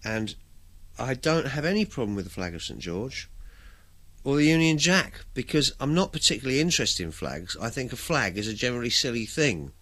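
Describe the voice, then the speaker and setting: An English man riffs as a host in an unscripted, opinionated monologue. He rambles and restarts his sentences, and his pitch swings widely. His voice sits at a middle pitch for a man. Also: very animated, a little fast, fairly bright tone. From England. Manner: rambling, chatty, frequent restarts.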